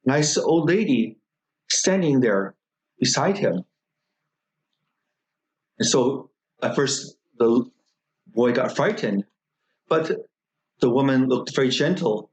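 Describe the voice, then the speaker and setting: A man who serves as a Buddhist minister, telling a folktale in a dharma talk with slow, measured phrasing and many pauses. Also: medium pitch, poor audio.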